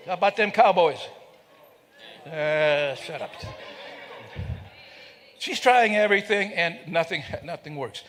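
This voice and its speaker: A man's voice: fairly high pitch, animated, takes it slowly, long pauses, a bit bright. An older man telling a funny story to a live audience, joking and teasing people in the crowd. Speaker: speaker at a celebration. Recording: reverberant hall.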